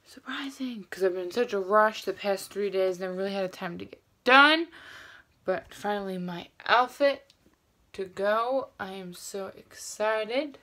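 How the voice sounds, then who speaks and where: A young woman, talking excitedly and gushingly to the camera in a casual vlog, repeating herself as she goes. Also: mid-range voice, a little slow. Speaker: vlogger.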